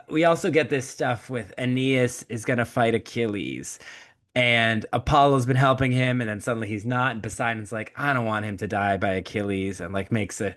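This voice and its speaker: A man at mid pitch, chatting casually on a podcast. He retells the plot with a comic, profane edge and slips into quick voices for each character. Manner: animated storytelling, acts out characters with quick voice shifts. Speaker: podcast co-host. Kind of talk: casual chat.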